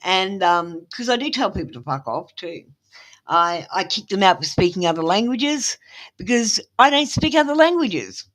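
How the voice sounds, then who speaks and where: A woman's voice: medium pitch, big pitch swings, normal speed, a bit bright, rough recording. A middle-aged woman with an Australian accent doing a live tarot reading, blunt, motherly and swearing freely. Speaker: tarot reader.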